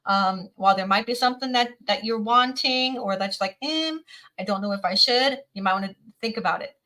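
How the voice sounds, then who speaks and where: A woman's voice: mid-range voice, fairly quick, bright, forceful tone, low-quality recording. A middle-aged woman chatting casually as she gives a tarot reading on a livestream, folksy and exclamatory. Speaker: tarot reader.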